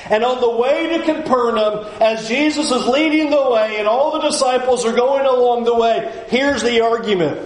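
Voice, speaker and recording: Animated pastor in an echoey room. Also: male voice, very high-pitched. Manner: conversational, acts out quoted voices with humor. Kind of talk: sermon.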